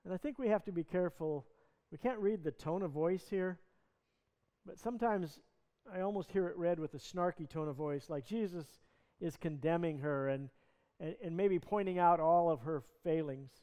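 A man's voice: a little high, normal speed, warm tone. A male pastor preaching a sermon, retelling a scripture story in earnest, conversational words. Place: church sanctuary. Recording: long reverb of a church hall.

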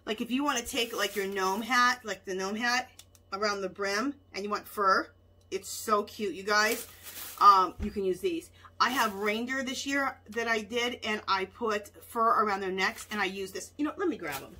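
A woman's voice: medium pitch, moderate pace, pushed and bright. A woman hosting a casual haul video at home, chatty and enthusiastic, gushing over cute craft finds.

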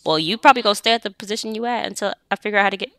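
Chatty woman gamer, bright crisp voice, dry close sound, bosses her characters around. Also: medium pitch, rapid-fire, no room sound. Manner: chatty, talks directly to her game characters. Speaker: let's play gamer. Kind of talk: casual gameplay commentary.

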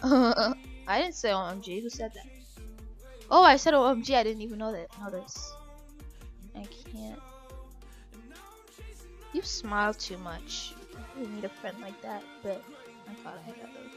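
A woman giving live commentary over her own gameplay. She is excitable, shrieks and laughs at scares, then chats on and apologizes a lot. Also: fairly high pitch, unhurried, pauses often, faint music behind. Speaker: gaming channel host.

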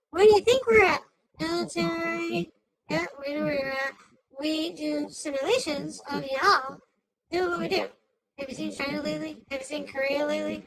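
A woman voicing a hyper, chattering female AI cartoon host who rambles through commentary on a news clip, jumping between shouts and mutters. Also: high voice, low-quality recording.

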